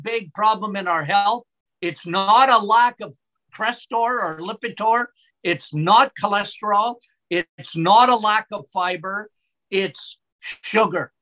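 Excitable man with a bright voice. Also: sits high, unhurried. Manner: excitable, voice rises when excited. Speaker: doctor, podcast guest. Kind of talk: passionate health talk.

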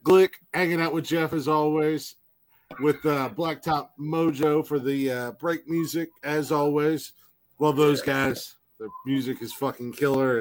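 A man hosting a casual podcast, talking in a loose, rambling way with frequent swearing and laughter. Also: fairly high pitch. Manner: profane, rambling, laughs often. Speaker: podcast host.

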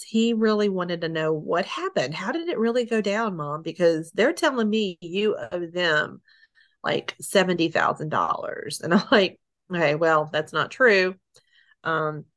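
A middle-aged woman being interviewed, telling her story haltingly, with restarts, soft laughs and sighs. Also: medium pitch. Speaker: interview guest.

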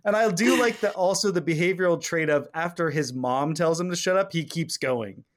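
Animated man chatting, laughs often. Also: fairly high pitch, moderate pace. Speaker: podcast co-host. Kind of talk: casual chat.

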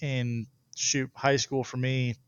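Young man, mid-pitched, dry close mic; laughing storyteller with rambling restarts. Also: flat delivery, slow pace, clear, resonant tone, no room sound, dull audio. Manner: laughs through his stories, rambling restarts. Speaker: guest, professional pitcher. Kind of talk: casual storytelling interview.

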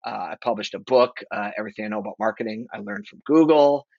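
A man's voice: medium pitch, quick pace, gravelly, no echo. Chatty man on a dull lo-fi call. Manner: relaxed, rambling with many fillers. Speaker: guest, marketing executive. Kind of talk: casual podcast interview. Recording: dry, dull lo-fi sound.

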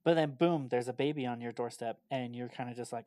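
A man co-hosting a casual podcast, retelling things in a rambling, animated way and filling his talk with "like". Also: mid-range voice, brisk, no room sound. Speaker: podcast co-host.

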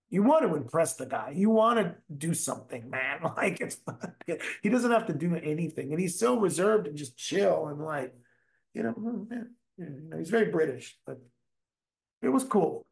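A man, a bass player, telling rambling, profane stories in a casual chat. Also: normal speed, creaky. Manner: animated, profane, rambling anecdotes. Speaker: musician guest, bass player.

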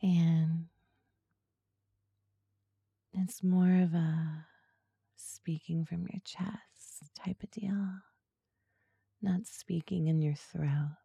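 A woman hosting a podcast in a soft, breathy, slow and seductive ASMR-style voice. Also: lowish voice, fairly even intonation, no room sound, studio quality. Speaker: podcast host.

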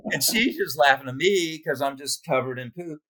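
A nurse with a fairly high-pitched voice, speaking at normal speed, relates comical stories from his job in an easygoing chat. He tells them with animation and laughs along.

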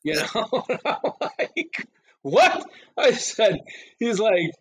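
A man in his forties tells crude, lively anecdotes on a casual podcast. His voice sits a little high for a man. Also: very slow, slight background noise, poor audio. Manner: crude, animated anecdote telling. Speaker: podcast co-host. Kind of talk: casual storytelling chat.

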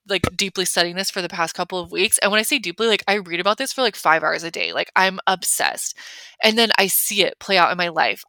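Chatty woman, bright dry voice. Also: mid-range voice, no echo. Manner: chatty, filler-heavy, emphatic with lots of "like". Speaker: podcast host. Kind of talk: casual solo podcast talk.

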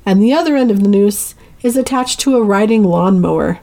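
A woman's voice: mid-range voice, a little fast, dark tone. A woman co-hosting a casual podcast, retelling a film scene by scene and acting out the characters' lines. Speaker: podcast co-host. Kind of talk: casual movie recap.

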